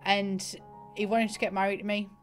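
A woman's voice: mid-range voice, level tone, normal speed. A young woman with a Northeast English accent, streaming and chatting casually, rambling through a story and thanking viewers. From northeast England. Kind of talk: casual gaming stream chat. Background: faint piano music.

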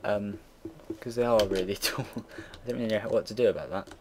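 A late-teen young man rambles and swears casually as he narrates building something on his computer, in casual gameplay commentary. His voice is lowish and darkish, fairly quick and fairly even in intonation, with slight background noise. Keyboard typing and mouse clicks can be heard.

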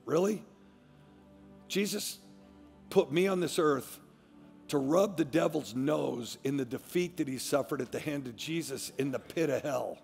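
Gravelly-voiced preacher in a reverberant church. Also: male voice, fairly high pitch, a little slow. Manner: fiery preaching, swinging from hushed to shouting. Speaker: pastor. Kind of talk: sermon. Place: large church sanctuary. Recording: long church-hall reverb, faint music.

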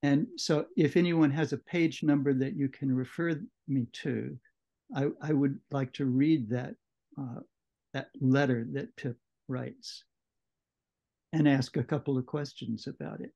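Slow, measured man leading a book discussion. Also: mid-range voice, steady tone, creaky, warm tone. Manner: measured, explanatory, with occasional restarts. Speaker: book club discussion leader. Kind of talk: literary lecture. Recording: muffled lo-fi audio.

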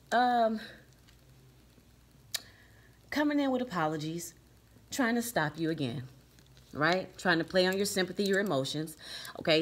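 A woman reading tarot cards for her viewers, emphatic and repeating "okay?" and "right?" as she goes. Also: fairly low pitch. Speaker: tarot reader.

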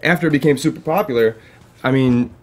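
A man's voice: mid-range voice, quick pace. A man talking in a casual panel discussion, hesitant and skeptical, with lots of fillers.

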